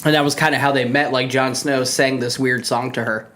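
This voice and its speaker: A woman's voice: extremely low pitch, fairly even intonation, brisk, fairly bright tone. A woman co-hosting a podcast in casual chat, laughing often and talking with animation. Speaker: podcast co-host.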